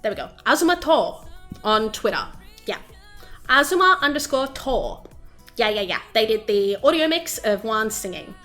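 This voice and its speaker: A woman's voice: on the high side, very animated, moderate pace, a bit bright, soft background music. A woman streamer chatting casually to her live audience in a bubbly, talkative way, full of fillers. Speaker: VTuber streamer. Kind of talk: casual livestream chat.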